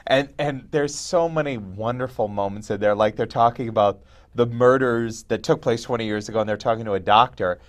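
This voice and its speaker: A man's voice: mid-range voice, a little fast. A man chatting casually on a film review panel. He talks with animation and keeps acting out lines from the movies in mock voices. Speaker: film review show host.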